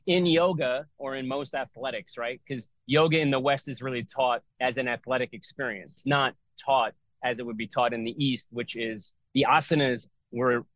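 A man's voice: medium pitch, a bit bright, dry recording. Rambling middle-aged man, dull dry audio. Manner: loose, rambling, full of fillers and restarts. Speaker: breathwork and yoga teacher. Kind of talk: casual interview talk.

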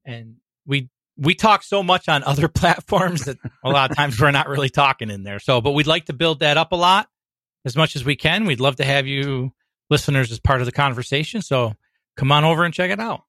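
A man's voice: mid-range voice, brisk, pushed and bright, dry recording. A man co-hosting a podcast in casual chat, friendly and explaining things step by step. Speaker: podcast co-host.

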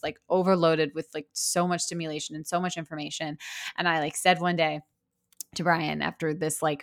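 A woman's voice: low-pitched, a bit bright. A young woman who runs her own business, talking in a casual, reflective monologue, earnest and chatty with lots of "like" fillers. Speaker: podcast host and business owner.

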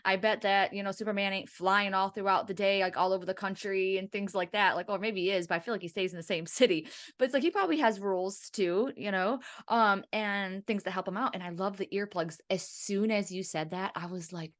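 A woman hosting a podcast, talking in a loose, chatty way with frequent laughter. She slips into lively little asides and voices for stories, at an ordinary middle pitch. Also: brisk, hardly any pauses. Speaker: podcast host. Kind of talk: casual chat.

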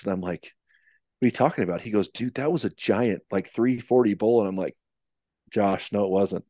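Low-voiced man telling a hunting story. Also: fast, dark tone, no room sound. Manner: rambling, many restarts and fillers. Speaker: podcast guest, elk hunter. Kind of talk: casual storytelling.

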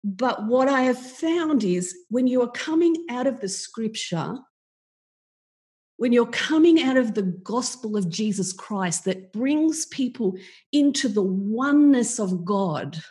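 A woman's voice: a little high, a little mellow. A middle-aged Australian woman, a podcast guest speaking frankly and laughing easily in casual interview chat.

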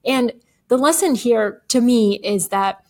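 A woman's voice: on the high side, unhurried. A woman in her thirties from a Bulgarian American background, a guest author chatting casually in an interview and often laughing. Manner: chatty, laughs often, quotes others in animated voices.

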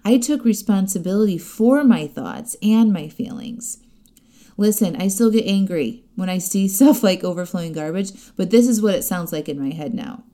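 With a mellow, mid-range voice, a middle-aged woman coaches listeners in a podcast-style talk. She's direct and conversational, laughing often along the way.

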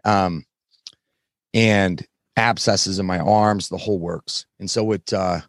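A man as a podcast guest, telling his story candidly in plain, frank words with halting restarts. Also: low-pitched, fairly even intonation, no echo, studio quality. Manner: frank, plain-spoken, occasional swearing; halting, many fillers and restarts while recounting.

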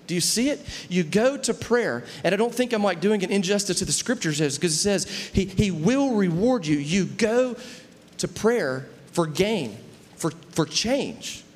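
A man's voice: high voice, animated, measured pace, big-room sound, a little hiss or hum. A middle-aged man preaching a conversational sermon, often stopping to ask whether the listeners follow. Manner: conversational preaching, often asks "do you see?". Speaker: pastor.

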